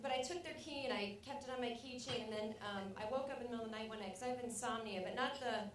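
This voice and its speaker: Woman comedian, stand-up set, rambling, self-mocking, higher voice, roomy distant sound. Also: quick pace, a little hiss or hum. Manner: rambling, self-mocking, loud acted outbursts. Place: comedy club stage. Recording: echoey club recording from afar.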